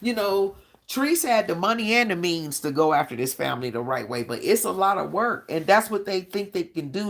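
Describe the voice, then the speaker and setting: A woman's voice: lowish voice, a bit bright. A woman hosting a live-stream Q&A, talking bluntly and profanely in a combative tone and often asking "all right?". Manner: blunt, profane street talk. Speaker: channel host.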